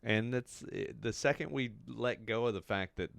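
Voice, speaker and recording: A man speaking as a podcast guest in casual chat, animated and emphatic. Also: mid-range voice, moderate pace, vocal fry, no room sound.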